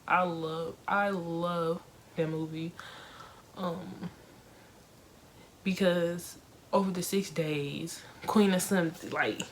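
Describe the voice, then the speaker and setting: A young woman casually reviewing a film for her viewers, talking in an emotional, expressive way with lots of fillers. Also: fairly low pitch, drawn-out words, pauses often, a little hiss or hum.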